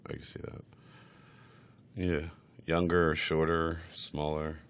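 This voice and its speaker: A man's voice: extremely low pitch, little pitch movement, takes it slowly, clean tone. A man hosting a podcast, talking in crude casual chat with a brash, mock-aggressive, profane manner. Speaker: podcast host.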